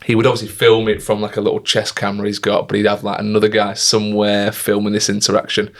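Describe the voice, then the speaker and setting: Chatty man, lowish voice. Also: monotone, fast. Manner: chatty storyteller, acts out quoted voices. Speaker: podcast co-host. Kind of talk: casual chat.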